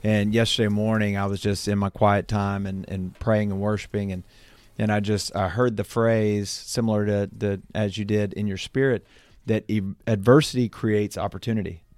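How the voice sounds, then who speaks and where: A man hosting an interview podcast, attentive and reflective, with many soft murmurs of agreement. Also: on the low side, little pitch movement, normal speed, no room sound. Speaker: podcast host. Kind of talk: interview conversation.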